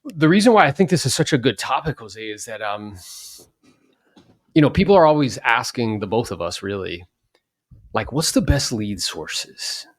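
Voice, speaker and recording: A man's voice: mid-range voice, big pitch swings, moderate pace, pauses often. A man in his forties hosting a podcast, talking casually and animatedly about real estate, acting out the people he quotes.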